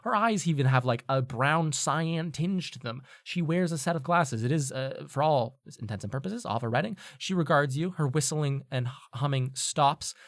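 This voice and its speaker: A man's voice: a little high, animated, normal speed, few pauses, no room sound, studio quality. A man narrating as game master of a tabletop game, casual and loose with many fillers and restarts.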